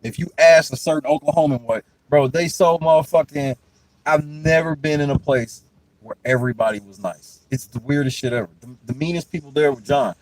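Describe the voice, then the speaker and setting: A young man and podcast host telling stories in a casual chat, profane and animated, often breaking into laughter. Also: fairly high pitch, a little fast, poor audio.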